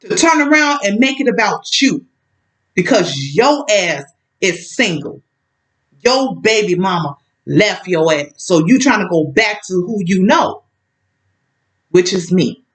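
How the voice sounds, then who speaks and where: A woman's voice: mid-range voice, lively intonation, unhurried, poor audio. A woman telling a personal story in a casual vlog, outspoken and emphatic, talking straight at an absent ex-partner.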